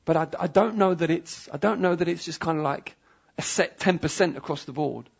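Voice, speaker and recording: Speaking fairly quickly, a preacher pleads emphatically through his sermon in a husky, gravelly, fairly high male voice, pressing each point through repetition. The audio is lo-fi and dull.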